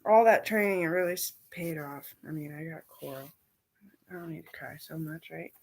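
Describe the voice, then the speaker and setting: A young woman talking in a rambling casual monologue, meandering and swearing, and now and then dropping into a soft whisper. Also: low voice, normal speed, slight background noise. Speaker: vlogger.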